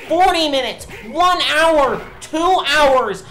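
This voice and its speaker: A woman's voice: high-pitched, lively intonation, slow, hardly any pauses, fairly bright tone. A woman giving gameplay commentary in an exasperated, ranting way, swearing often. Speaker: let's play host. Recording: roomy echo with game music behind. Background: game music.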